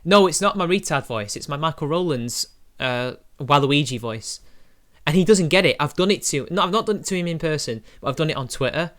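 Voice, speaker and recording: A man's voice: on the high side, expressive, fairly quick, a bit bright. A young man, chatting on a live stream in a mocking, crude, laughing way. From Britain. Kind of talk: casual live-stream commentary.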